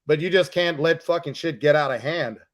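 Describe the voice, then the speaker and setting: A man's voice: on the high side, a little fast, lo-fi sound. A man, a comedian guest, talking candidly and profanely in a casual chat. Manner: candid, profane, bursts into laughter. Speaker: guest, comic writer and comedian.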